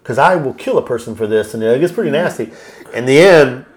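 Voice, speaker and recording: A man on a podcast casually retelling a film's plot in a loose, rambling way, slipping into quick voiced quotes. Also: mid-range voice, expressive. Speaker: podcast host. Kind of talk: casual movie recap.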